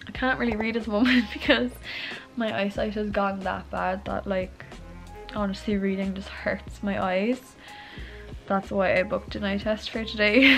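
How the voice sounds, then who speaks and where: A woman's voice: medium pitch, vocal fry. A young woman in her twenties, chatting casually to the camera in a rambling way, full of "like"s. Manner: rambling, says "like" a lot. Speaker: vlogger.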